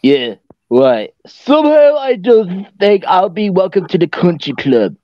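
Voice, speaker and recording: A man voicing a grumpy, sarcastic male ogre husband in a fan dub, gruff and attempting a Scottish accent. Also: high voice, sing-song, a little slow, no echo, muffled recording. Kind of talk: fan dub of an animated film.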